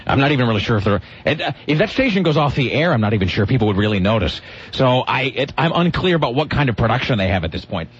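A man's voice: medium pitch, sing-song, fast talker, breathy edge. A man hosting a radio talk show, rambling and joking in a self-deprecating way. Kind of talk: casual radio banter. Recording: dull lo-fi radio broadcast with faint music.

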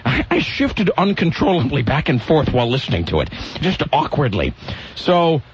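A man's voice: a little high, wildly swooping pitch, normal speed, noisy background. A man hosting a radio show, telling a rambling story in casual on-air banter and often cutting himself off. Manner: rambling, self-interrupting storytelling. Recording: lo-fi radio broadcast sound.

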